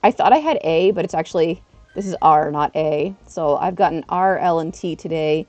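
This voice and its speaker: A woman live streaming in casual chat, chatty and excitable, eating while she talks. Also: low voice, moderate pace, no room sound, soft background music.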